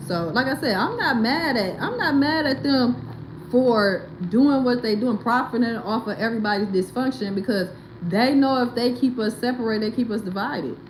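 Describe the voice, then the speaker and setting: A woman's voice: a little high, moderate pace, a little hiss or hum, low-quality recording. A woman host, talking bluntly and animatedly, reacting to viewer comments in casual commentary. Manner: blunt, animated, swearing and laughing. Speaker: livestream host.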